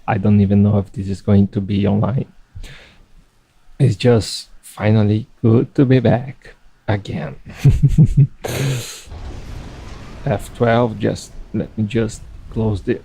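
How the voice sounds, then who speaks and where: Slow, gravelly man casting a game. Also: on the low side, poor audio. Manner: relaxed, thinking aloud, chatty asides. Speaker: game caster. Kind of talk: casual video game commentary. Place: home room at a computer. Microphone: desk microphone.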